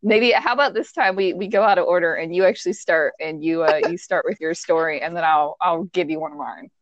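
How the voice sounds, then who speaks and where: A woman's voice: on the low side, a little fast, no echo. A woman co-hosting a podcast in casual chat, teasing her friend and trailing off mid-thought. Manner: chatty, teasing, trails off and restarts. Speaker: podcast co-host. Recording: dry, dull lo-fi sound.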